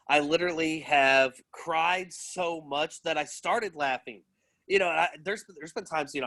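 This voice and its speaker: A man's voice: a little high, a bit bright. A man, a guest on a podcast, talking candidly in casual chat and often laughing at himself.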